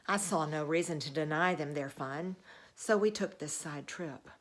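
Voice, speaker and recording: Woman playing Roman centurion, commanding officer; earnest, measured first-person monologue, lowish voice. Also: lightly acted. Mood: solemn.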